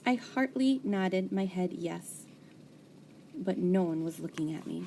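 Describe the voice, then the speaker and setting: Expressive woman reading a children's book. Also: fairly low pitch, measured pace, creaky, a little hiss or hum. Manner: lively, expressive storytelling. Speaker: audiobook reader.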